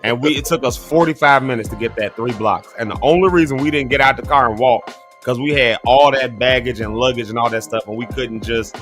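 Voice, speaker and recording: A man's voice: medium pitch, a little fast, fairly bright tone, soft background music. A man hosting a casual morning live stream, chatting animatedly, laughing often and reading out viewer comments. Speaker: morning show host.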